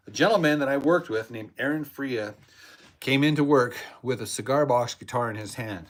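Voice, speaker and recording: A man's voice: mid-range voice, expressive, moderate pace. Rambling man, casual storyteller. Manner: rambling storyteller, repeats words, acts out quotes. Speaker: podcast host, cigar box guitar builder. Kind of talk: casual chat with live chat viewers.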